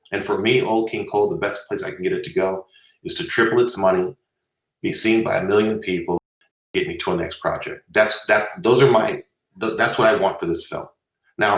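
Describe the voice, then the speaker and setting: A low-voiced man telling stories and giving advice in a blunt, animated, jokey way. His voice sits back from the mic in an echoey room. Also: recorded from a distance. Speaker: film festival co-founder, guest. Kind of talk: casual interview storytelling.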